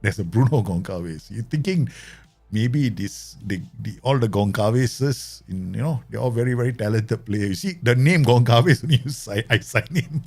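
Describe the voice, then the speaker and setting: A man's voice: mid-range voice, expressive, normal speed, a little mellow, faint music behind. A man chatting casually through a live stream of a football management game, laughing often and making playful asides.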